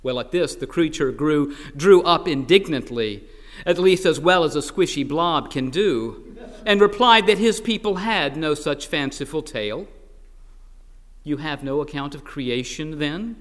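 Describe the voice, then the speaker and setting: A man's voice: fairly high pitch, animated, normal speed, in a large hall. A man reading a story aloud with a wry, dramatic delivery.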